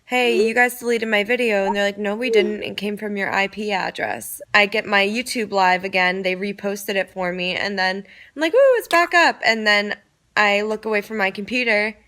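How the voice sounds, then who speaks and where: A woman's voice: mid-range voice, normal speed. Young woman chatting, full of "like". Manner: chatty, heavy use of "like", animated quoting. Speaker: interviewee telling a story. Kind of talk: casual storytelling.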